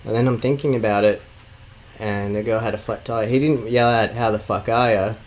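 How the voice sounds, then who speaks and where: Australian guy co-host, casual rambling storyteller who teases, lowish pitch. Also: fairly even intonation, fairly quick, a little hiss or hum, low-quality recording. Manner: rambling, teasing, many fillers. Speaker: podcast co-host. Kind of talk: casual chat.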